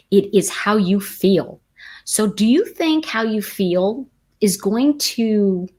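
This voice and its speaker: With a darkish, mid-range voice, the tarot teacher and livestream host chats away on her live stream. This middle-aged woman mixes relaxed teaching with storytelling and reads viewers' comments out loud.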